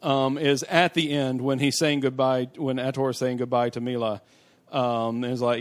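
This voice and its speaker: A man co-hosting a casual movie podcast, lively and joking as he acts out lines from the film. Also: mid-range voice, moderate pace. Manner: animated, acts out quoted lines. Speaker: podcast co-host. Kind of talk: casual movie-review chat.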